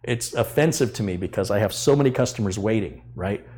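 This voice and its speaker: A man's voice: fairly low pitch, a little fast, darkish tone. A middle-aged man hosting a live tech stream, ranting bluntly and acting out his customers' side of phone calls. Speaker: tech channel host.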